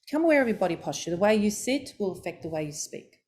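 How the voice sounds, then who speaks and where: A woman giving a voice coaching talk, demonstrating pitch and stress exercises aloud as she explains them. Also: very animated, fast, a little mellow.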